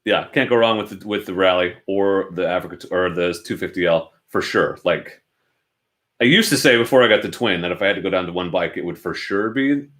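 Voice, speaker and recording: This Oregon-born young man runs a motorcycle channel and takes viewer questions in his home garage, talking casually with self-deprecating humor. His voice sits low with a fairly bright tone. He's from Oregon, United States.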